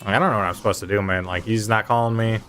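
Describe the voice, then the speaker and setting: A young man streaming a video game live, ranting in an excitable, profane, exasperated way. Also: on the low side, fast talker, faint music behind. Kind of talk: live gameplay commentary.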